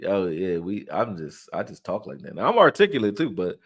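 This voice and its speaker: A man with a fairly low voice hosts a live sports stream and chats in a loose, way, now and then reading viewer comments aloud. The sound is dry and close, with no room around it. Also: big pitch swings, fairly quick, husky, dry recording. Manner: loose, conversational, reads viewer chat aloud. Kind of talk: casual live-stream film breakdown.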